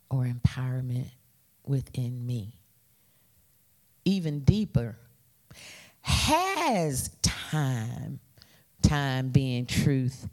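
A woman preaches a sermon with a lively voice that swoops high and low. She speaks slowly and draws out her words, playfully calling on the congregation to repeat after her. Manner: playful, calls for congregation responses.

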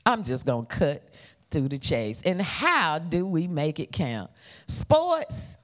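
A woman preaches a sermon with a lively voice that swoops high and low. She speaks slowly and draws out her words, playfully calling on the congregation to repeat after her. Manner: playful, calls for congregation responses.

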